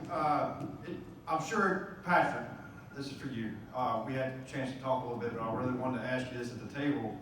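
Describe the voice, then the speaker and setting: A hesitant man from the audience at a convention panel, feeling his way through a question. His voice is middle-pitched and washed in the echo of a large hall. Faint noise sits under his voice, heard from far off the mic. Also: brisk. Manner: hesitant, with many fillers. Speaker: audience member asking a question.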